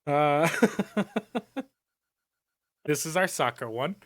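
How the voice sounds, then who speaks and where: A man's voice: a little high, extremely slow, fairly bright tone, a little hiss or hum. A young man co-hosting a podcast, talking in a loose, joking way with a lot of swearing and laughter. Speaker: podcast co-host. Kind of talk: casual chat.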